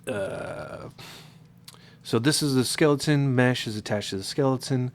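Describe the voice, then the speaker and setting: A man talks at a slightly fast clip in a mid-range voice, his nose clearly stuffed up. In this casual screen-recorded tutorial on modding, he walks viewers through things loosely, with plenty of fillers and self-corrections.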